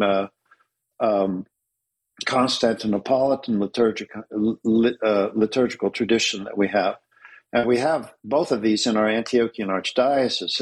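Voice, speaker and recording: A man with a husky, slightly breathy voice talks in an earnest, measured way. He often slows down to press a point home, with plenty of pauses and fillers along the way. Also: fairly low pitch, rough recording. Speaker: interview guest, Orthodox clergy author. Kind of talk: thoughtful conversational interview.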